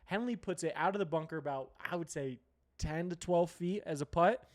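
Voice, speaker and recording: Heated, profane sports host. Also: male voice, fairly high pitch, fairly quick. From United States. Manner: heated, profane, loud outbursts. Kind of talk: ranting sports talk.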